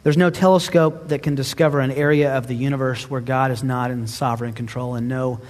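A man's voice: mid-range voice, little pitch movement, fairly quick, in a large hall. A man preaching a sermon as pastor, emphatic and building his points into rising lists.

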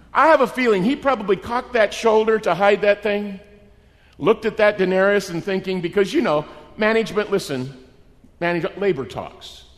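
Animated middle-aged man preaching in a reverberant hall. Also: high voice. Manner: animated, acts out characters in the story. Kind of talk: sermon. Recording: long reverb of a large hall.

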